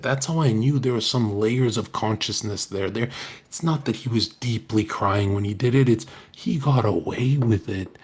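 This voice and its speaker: A man streaming, rambling through casual commentary to his viewers, profane and joking. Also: mid-range voice.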